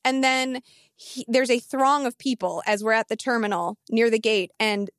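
A woman in her thirties, a fantasy football analyst telling an animated, emphatic story in casual podcast talk. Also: on the high side, no room sound, studio quality. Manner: animated, emphatic, quick asides.

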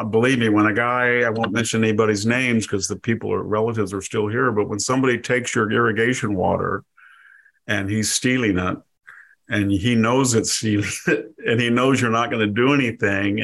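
Older man, low gravelly voice, dry close sound, wry storytelling. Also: fairly bright tone, no echo. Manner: earnest, emphatic, wry. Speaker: podcast host. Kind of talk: casual storytelling chat.

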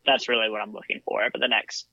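A man's voice: on the low side, steady tone, fast, vocal fry, pushed and bright, no echo, highs cut off. A man co-hosting a sports podcast, casually reading out stats and hedging his opinions. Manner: thoughtful, hedging, reads out stats. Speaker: podcast co-host.

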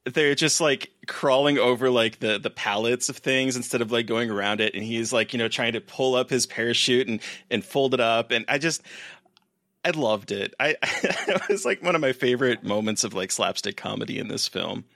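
A man's voice: mid-range voice, moderate pace, a bit bright, no echo, studio quality. A man co-hosting a podcast, fondly and casually sharing favorite moments and trivia about a movie. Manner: amused, fond, storytelling. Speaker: podcast co-host.

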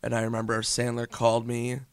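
A man with a gravelly, creaky voice tells stories loosely, peppered with swearing and fillers. His voice sits at an average pitch, recorded close and dry. The tone is a relaxed guest chat. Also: fairly quick, no room sound. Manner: loose, profane, filler-heavy storytelling. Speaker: guest comedian and actor. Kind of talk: casual interview chat.

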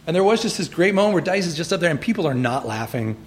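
Lively man acting out quotes. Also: a little high, quick pace. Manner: animated, acts out quotes in a raised voice. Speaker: animated series co-creator guest. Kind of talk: casual conversation.

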